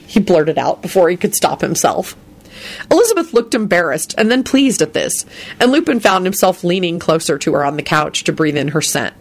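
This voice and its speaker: A woman narrating a story aloud in an expressive reading style. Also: sits low, a little fast.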